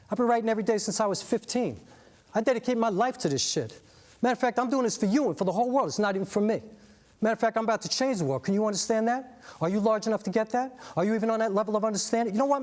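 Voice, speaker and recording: A man acts out a hot-headed young rapper from New who erupts in loud, profane indignation. His voice sits high and the words tumble out fast, proud and defensive. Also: animated. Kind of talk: spoken-word one-man drama.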